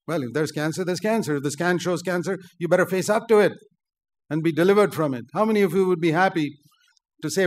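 Older man, preacher, sermon, emphatic bursts, fairly high voice. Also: quick pace. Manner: forceful, emphatic, rising to loud outbursts.

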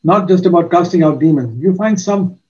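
Older guy preaching, kinda high voice but mellow, earnest, slows way down to stress stuff, dull lo-fi sound. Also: lively intonation. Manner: earnest testimony, slow emphatic pauses. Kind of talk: sermon.

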